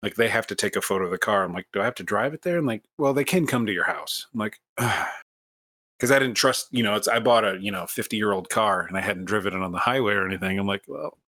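A man's voice: lowish voice, quick pace, bright, forceful tone. A man from the United States hosting a podcast, telling a long, self-mocking story in a casual way with many restarts. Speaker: podcast host.

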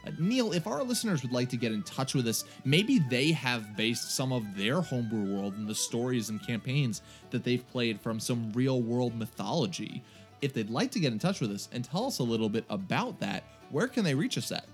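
A man co-hosting a tabletop gaming podcast in casual chat, talkative and quick to laugh at himself. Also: mid-range voice, animated, faint music behind. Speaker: podcast co-host.

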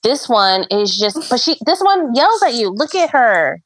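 A woman's voice: on the high side, very animated, unhurried, no echo, poor audio. Exasperated woman podcaster venting, dry sound. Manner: exasperated venting, frank and blunt. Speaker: podcast co-host. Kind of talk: casual chat.

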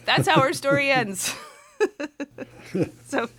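A woman's voice: high-pitched, animated, takes it slowly, a bit bright. A young woman in casual conversation, animatedly retelling a story, laughing often and acting out the quotes. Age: young adult. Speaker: co-host. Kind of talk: casual chat about scripture.

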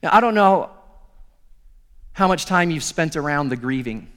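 A male pastor giving a sermon, telling the story with animated acted-out dialogue. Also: on the high side, normal speed, long reverb tail.

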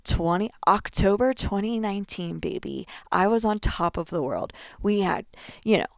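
A woman's voice: medium pitch, animated, moderate pace, gravelly, no echo, clean studio sound. A young American woman hosting a casual solo podcast, talking in a gushing, effusive way and repeating words for emphasis. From United States. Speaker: podcast host. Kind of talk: casual solo podcast, reading her old journal aloud.

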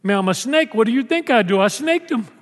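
A man's voice: very high voice, animated, quick pace, long reverb tail. A man playing a cocky, unbothered snake with shrugging street-talk swagger, as a sermon aside.

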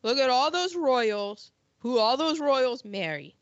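A woman chatting casually as a podcast co-host, animated and excitable, often acting out what people said. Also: high-pitched, takes it slowly, no echo. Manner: animated, excitable, acts out quoted voices. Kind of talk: casual chat. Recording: dull lo-fi sound.

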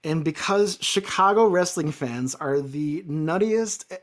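A man co-hosting a casual chat, telling a rambling story with many restarts and growing animated as he retells it. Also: a little high, unhurried. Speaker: podcast co-host.

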